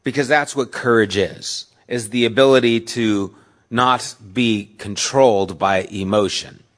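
A pastor preaching a sermon in a conversational way, asking his listeners questions and swinging between loud emphasis and soft, low asides. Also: unhurried. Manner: conversational, asks the audience questions.

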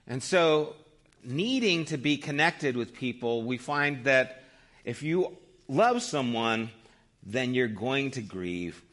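A man's voice: mid-range voice, fairly bright tone. A man in his fifties, a pastor preaching a sermon in a conversational storytelling way, often checking in with "right?".

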